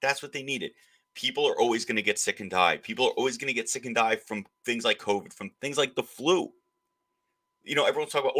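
A man's voice: medium pitch, animated, quick pace, a bit bright, husky. A man hosting a political podcast who rants emphatically and slips into mocking voices. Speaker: podcast host. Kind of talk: opinionated political podcast talk.

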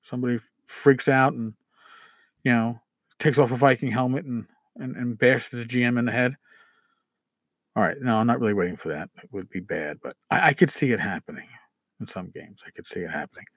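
A man's voice: medium pitch, brisk, no echo. A man hosting a casual podcast, ranting with swearing, fillers and restarts. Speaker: podcast host. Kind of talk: casual solo podcast commentary.

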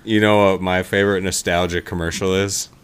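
A man's voice: low-pitched, fairly quick, smooth. A young man co-hosting a podcast, joking around in casual chat. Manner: joking, animated. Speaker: podcast co-host.

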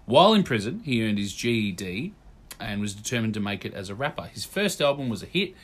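A man's voice: fairly low pitch, big pitch swings, a little fast. Dry, teasing man. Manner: dry, teasing, reads facts aloud. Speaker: podcast co-host. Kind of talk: casual chat.

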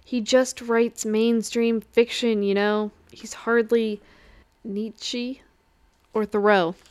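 A cocky male imp with a teasing, easygoing drawl, voiced by a woman reading aloud. His banter rolls out smooth and clear, pitched a touch above her narration. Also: little pitch movement, takes it slowly, darkish tone. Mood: wry. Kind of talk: audiobook reading.

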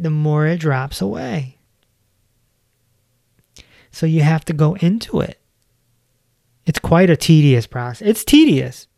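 A man in his forties gives a reflective self-help talk as a podcast host, speaking in a gentle, earnest way. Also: a little high, vocal fry, dry recording, clean studio sound. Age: 40s.

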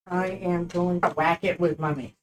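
A player in a tabletop game, talking quickly and eagerly with a joking edge. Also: medium pitch, steady tone. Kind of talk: casual tabletop game play.

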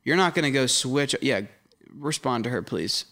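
A young man in his twenties riffing on a casual podcast, firing off crude jokes and repeating his co-host's lines for laughs. His voice sits at an ordinary mid pitch. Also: expressive, bright, forceful tone. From United States. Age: 20s. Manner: crude jokes, quick banter, repeats partner's words. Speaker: podcast co-host. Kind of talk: casual chat.

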